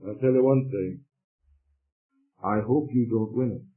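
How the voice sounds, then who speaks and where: A male preacher delivering an evangelistic sermon, his voice in a middle register. He surges into loud urging and then drops to hushed warnings. The recording is thin and phone-like, like an old tape. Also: mid-range voice, unhurried. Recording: tinny lo-fi tape.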